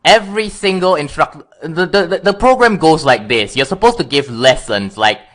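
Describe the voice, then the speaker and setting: A man's voice: a little high, expressive, moderate pace, fairly bright tone. A man being interviewed as a guest, rambling and often correcting himself. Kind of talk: casual interview chat.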